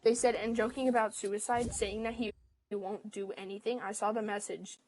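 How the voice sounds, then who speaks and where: A woman on a livestream telling a story in a casual way, quickly quoting both sides of a text argument. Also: mid-range voice, steady tone, a little mellow, slight background noise, rough recording. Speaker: livestream host.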